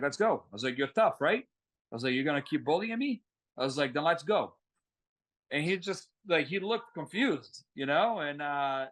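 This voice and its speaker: Young male fighter, interview guest, casual storyteller who plays out the quoted lines. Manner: animated, acts out quoted lines with a rising pitch. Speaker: mixed martial arts fighter, guest.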